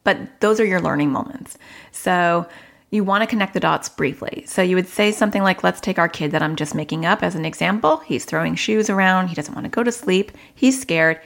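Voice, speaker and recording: A woman's voice: fairly low pitch, brisk, vocal fry. A middle-aged woman hosting a parenting advice podcast, chatty and self-mocking, sometimes acting out what a child might say. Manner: chatty, laughs at herself, acts out child voices. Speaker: podcast host.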